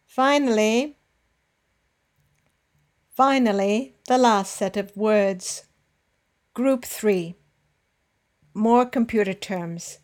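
A woman teacher hosting a pronunciation podcast, reading out words slowly and carefully for listeners to repeat. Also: mid-range voice, a little mellow. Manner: slow, carefully enunciated drilling. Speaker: language teacher.

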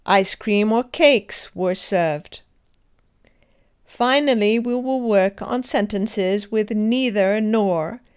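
A woman leading a scripted English grammar drill, enunciating each sentence carefully and pausing for the listener to repeat. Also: medium pitch, a little mellow, smooth. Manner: careful, deliberate enunciation with pauses for repetition. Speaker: English teacher.

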